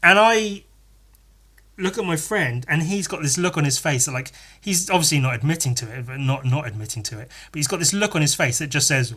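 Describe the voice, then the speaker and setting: A man's voice: a little high, animated, brisk, sharp tone, breathy edge. Male podcast host, rambling and profane, exasperated tone, casual solo rant. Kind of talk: casual ranting monologue.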